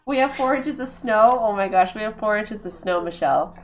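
A woman's voice: mid-range voice, lively intonation, a little fast. Woman, young adult, casual game commentary, chatty, giggly, mid-range voice, faint music behind. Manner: chatty, giggly, talks to her pets and game characters. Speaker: gaming video creator. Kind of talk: casual let's-play commentary. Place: at home.

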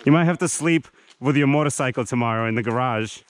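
A man's voice: medium pitch, quick pace. A man hosting a casual camping vlog in a forest, teasing his friends and talking in a rambling, joking way. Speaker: vlogger. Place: outdoors in a forest campsite.

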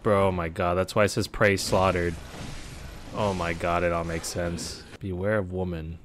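A man's voice: low-pitched, level tone, normal speed, a little hiss or hum. A young man streaming a game, reacting with profane jokes and sudden yelps. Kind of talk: gameplay commentary.

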